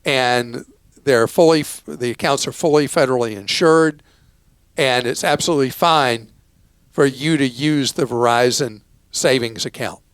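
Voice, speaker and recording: Male host, older, advice radio; smooth, clear voice, dry close mic; plain-spoken and explanatory. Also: mid-range voice, unhurried, no echo. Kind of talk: call-in advice talk.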